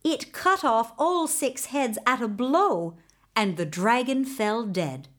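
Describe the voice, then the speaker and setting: A woman narrating a fairy tale in an expressive storybook reading style. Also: fairly high pitch. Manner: expressive, unhurried.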